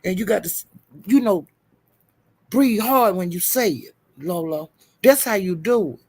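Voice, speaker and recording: A man's voice: high-pitched, expressive, unhurried, slightly rough. A man hosting a livestream in casual commentary, giving blunt, profane advice. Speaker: livestream host.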